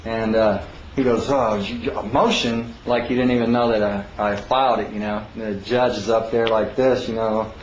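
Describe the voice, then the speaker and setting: A man casually recounting his own court hearing, acting out the others with sudden raised, high voices. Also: steady tone, moderate pace. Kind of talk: casual spoken anecdote. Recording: roomy dull lo-fi recording with faint hiss.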